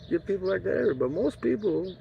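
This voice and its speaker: High-pitched and sing-song, his gravelly voice races along as he rambles through a casual travel vlog. He jokes, digresses, and swears freely, in dull lo-fi audio carrying faint outdoor noise.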